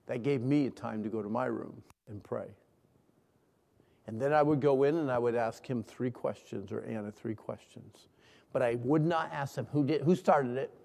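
A middle-aged man preaching a sermon, leading call-and-response and swinging between hushed and loud lines. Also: mid-range voice, normal speed, creaky. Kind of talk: sermon to a congregation. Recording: long hall reverb.

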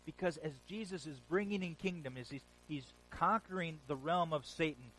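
A man's voice: a little high, normal speed, fairly bright tone, a little hiss or hum, rough recording. A man preaching a sermon, telling stories with animation and repeating phrases for emphasis. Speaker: pastor.

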